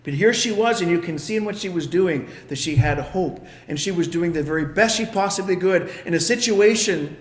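High-voiced man preaching in an echoey room. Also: fairly quick, few pauses. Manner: storytelling, acting out the characters' lines. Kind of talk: sermon.

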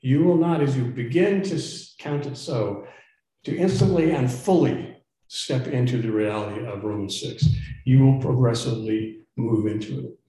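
A man's voice: medium pitch, moderate pace, dark tone. A man preaching a sermon as pastor, earnest and emphatic, sometimes stumbling and repeating words as he presses a point. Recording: very echoey church room.

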